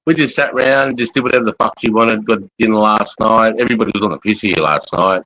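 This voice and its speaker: A man's voice: lowish voice, fast talker, sharp tone, slight background noise, low-quality recording. An Australian man chatting casually, laid-back and swearing freely as he talks. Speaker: podcast co-host. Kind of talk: casual chat.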